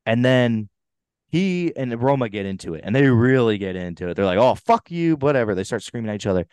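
A young man co-hosting a casual movie review podcast, animated and swearing freely as he acts out lines. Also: lowish voice, brisk, clean tone, no echo. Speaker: podcast co-host. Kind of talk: casual chat.

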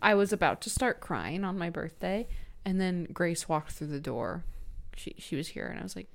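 A woman's voice: fairly low pitch, animated, creaky. A woman in her twenties co-hosting a podcast, chatting casually and laughing often. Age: 20s. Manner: giggly, chatty, quick to laugh. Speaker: podcast co-host. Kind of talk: casual chat.

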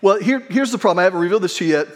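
A man's voice: sits high, expressive, racing. A middle-aged man, a pastor, preaching a conversational sermon and telling a humorous personal story in an earnest, self-deprecating way.

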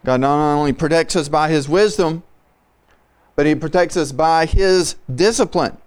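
Earnest male pastor with a smooth voice. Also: fairly high pitch, normal speed. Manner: earnest, repetitive exhortation. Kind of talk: podcast sermon.

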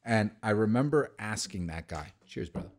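A man's voice: fairly low pitch, lively intonation, moderate pace, darkish tone. A young man tells long, rambling stories on a casual drinking podcast. He swears freely and leans on fillers like "like" and "dude". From New York, the Bronx. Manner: rambling storytelling, crude swearing, many fillers. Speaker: podcast co-host.

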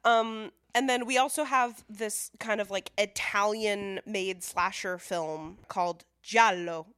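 A woman's voice: mid-range voice, steady tone, slow pace, a bit bright, clear, resonant tone, no echo, studio quality. A woman co-hosting a casual film podcast, explaining things at length with many "like" and "you know" fillers. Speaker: podcast co-host.

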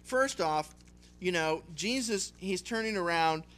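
A man's voice: high voice, lively intonation, a little slow, fairly bright tone. A male pastor giving a conversational sermon, retelling scripture with acted voices. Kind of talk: expository sermon.

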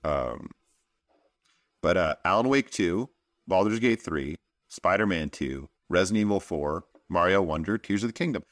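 A man co-hosting a casual podcast, rambling through his thoughts with many fillers and sudden bursts of excitement. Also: low-pitched, moderate pace, no room sound, studio quality. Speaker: podcast co-host. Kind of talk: casual chat about video games.

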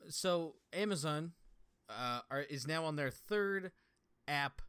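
A man's voice: on the high side, animated, slow pace, a bit bright, smooth, dry recording. Swearing young man telling rambling stories. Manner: rambling storytelling with frequent swearing. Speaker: podcast co-host. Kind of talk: casual chat.

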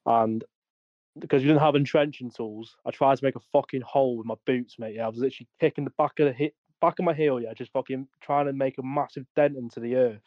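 A man's voice: medium pitch, fairly even intonation, fast, no room sound. A young man telling a crude army story on a podcast. He swears a lot and laughs as he talks. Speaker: podcast co-host. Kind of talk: casual storytelling. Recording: dry, dull lo-fi sound.

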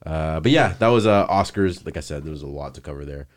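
A young man with a rumbling low voice talks fast and animatedly while hosting a podcast. The chat is casual and laid-back, and he often retells clips by mimicking the people involved in mocking voices.

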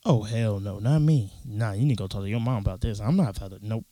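A young man talking on a casual podcast, telling stories with a lot of swearing, acting out what people said and breaking into sudden loud outbursts. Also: lowish voice, fast talker, no echo. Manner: animated, profane storytelling with acted-out quotes and sudden loud outbursts. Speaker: podcast co-host.

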